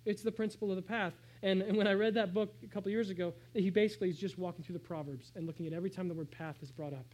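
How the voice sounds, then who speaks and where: A man preaching a sermon, shifting between hushed, slow phrases and raised, emphatic calls. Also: high voice, fairly even intonation, a little hiss or hum, poor audio. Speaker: pastor.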